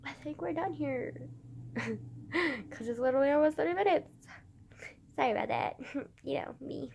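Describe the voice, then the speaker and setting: A woman's voice: sits high, moderate pace, creaky, a little mellow, slight background noise. A young woman vlogging into her phone camera, tearful after crying, laughing through it and swearing casually. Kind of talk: emotional confessional vlog.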